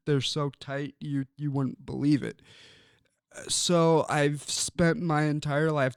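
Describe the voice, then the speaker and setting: A young man from Illinois hosting a sports talk show, speaking earnestly and haltingly with frequent ums and repeated words. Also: mid-range voice, smooth, no echo, studio quality. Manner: earnest and personal. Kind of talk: casual sports talk monologue.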